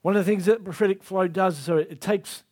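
A man's voice: high-pitched, fast talker, darkish tone. A man preaching a sermon with emphatic, repetitive delivery.

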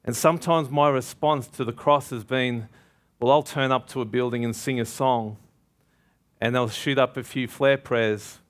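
A man's voice: mid-range voice, steady tone, moderate pace. A man preaching a sermon, emphatic and calling out questions to the congregation.

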